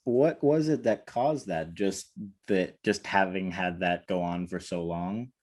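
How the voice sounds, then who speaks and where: A man's voice: low-pitched, a little slow, darkish tone. A man hosting a podcast, asking brief, thoughtful follow-up questions. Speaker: podcast host. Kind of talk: interviewing.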